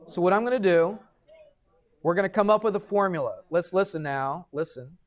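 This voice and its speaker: A middle-aged man, a math teacher, telling a story to his class and lecturing in an animated way, checking in with students as he goes. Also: sits high, normal speed. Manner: animated, addresses students directly with frequent "right?".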